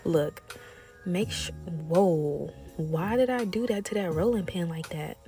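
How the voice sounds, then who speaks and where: Soft music plays behind this young woman's slow, dark-toned voice, which sits fairly low. She's a cooking creator in a casual vlog, chatting directly to viewers as she cooks and addressing them as y'all and besties.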